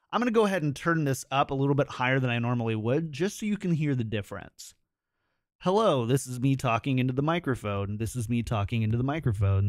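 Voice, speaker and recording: A man walks through a product tutorial in a clear, instructive way at a mid-range pitch. He speaks close into a studio microphone in a dry, deadened room. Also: no room sound. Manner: clear, instructive, demonstrates sounds into the mic.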